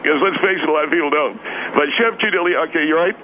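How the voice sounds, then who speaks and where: A man voicing a blunt, irritable male restaurant owner who talks fast and swears, in a radio comedy sketch. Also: on the high side, phone-quality sound, background noise, natural voice. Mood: brash.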